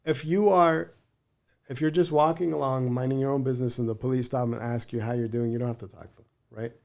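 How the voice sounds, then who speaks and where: A man's voice: medium pitch, fairly even intonation, quick pace, gravelly, a little mellow. A man, a criminal defense attorney, patiently explaining legal rights in a casual podcast conversation and often checking in with "right?".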